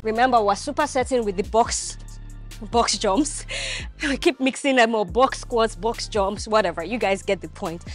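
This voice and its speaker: A woman's voice: on the high side, moderate pace, soft background music. A young woman vlogging her workout in a gym, coaching viewers with energy as she demonstrates the exercises. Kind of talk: instructional workout vlog.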